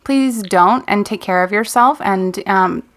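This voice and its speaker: Calm, measured woman podcast co-host. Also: medium pitch. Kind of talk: casual chat.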